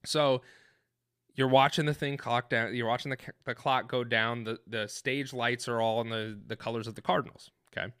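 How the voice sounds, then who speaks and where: Bright-voiced excited man telling a story. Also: mid-range voice, moderate pace, clear, resonant tone, no room sound, studio quality. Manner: excited, rambling, with many restarts and fillers. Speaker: podcast co-host. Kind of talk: animated storytelling in casual chat.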